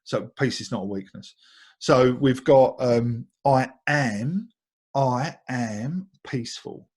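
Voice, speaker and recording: A man's voice: mid-range voice, takes it slowly, darkish tone, breathy edge. A man with an Essex accent giving a light-hearted talk on meditation, often repeating words and laughing along the way. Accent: Essex English. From Essex, England. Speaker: meditation teacher.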